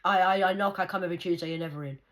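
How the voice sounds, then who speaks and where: Woman ranting at her viewers, low voice, sarcastic and repeating herself. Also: steady tone, rapid-fire, fairly bright tone, low-quality recording. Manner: sarcastic, repetitive, heated. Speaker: vlogger.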